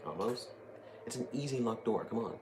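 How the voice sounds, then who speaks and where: A man's voice: medium pitch, expressive, normal speed. A young man giving casual, rambling, joking commentary while playing a video game. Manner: jokey, rambling, thinking aloud. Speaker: gaming streamer. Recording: noisy game capture behind.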